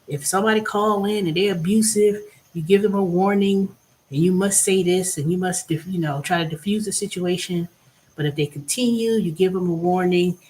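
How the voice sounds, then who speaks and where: A woman hosting her own vlog, giving a blunt, profane monologue that swings between loud bursts and low asides. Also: moderate pace. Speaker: vlog host. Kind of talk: casual ranting monologue.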